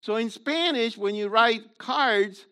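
A man teaching an informal Bible study lesson, explaining things in a halting way and often checking in with his listeners. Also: very high voice, sharp tone, clean tone.

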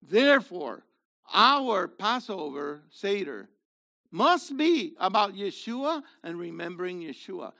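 A male congregation leader preaching with a high, lively voice that swoops up and down. He questions his listeners directly and presses his points with emphatic force. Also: slow pace, creaky. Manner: animated, rhetorical questions to congregation, rises to emphatic shouts. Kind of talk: sermon.

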